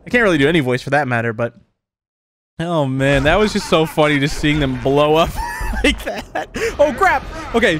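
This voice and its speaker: A man commentating a horror game, jumpy and excitable, with quick exclamations and frequent laughs. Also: a little high, music in the background. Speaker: gaming commentator.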